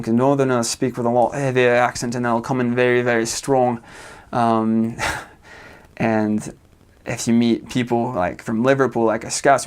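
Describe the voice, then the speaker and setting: A man's voice: medium pitch, clean tone. A young American man in his twenties, a returned missionary, giving a casual informational talk with lots of fillers and frequent chuckles. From United States. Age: 20s. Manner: relaxed, many fillers, chuckles often.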